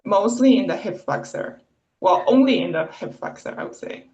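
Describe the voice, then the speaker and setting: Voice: mid-range voice, expressive, moderate pace, darkish tone, lo-fi sound. A coaching client answering questions hesitantly, searching for words.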